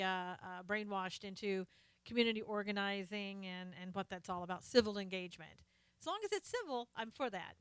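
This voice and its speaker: A woman's voice: medium pitch, fairly bright tone, smooth, no echo. A woman hosting a casual live stream, chatting, greeting viewers by name and reading their comments aloud, often trailing off with fillers.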